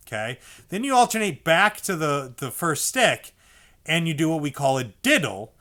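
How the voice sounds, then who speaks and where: A man's voice: a little high, sharp tone. A man teaching a percussion lesson, patiently explaining a drum pattern and often checking in with "okay?". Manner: patient, repeats "okay?" often, speaks drum syllables aloud. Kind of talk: instructional lesson.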